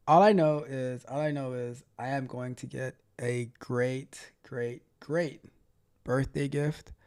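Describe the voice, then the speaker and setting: A man's voice: medium pitch, vocal fry, darkish tone. A man hosting a casual tech livestream who reads the chat playfully and repeats his phrases. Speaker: livestream host and tech coach.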